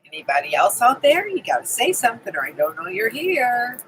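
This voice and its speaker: A woman's voice: on the high side, huge pitch swings, a little fast, slight background noise, rough recording. A woman hosting a casual live stream from her camping trailer, chatting and greeting viewers by name. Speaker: livestream host.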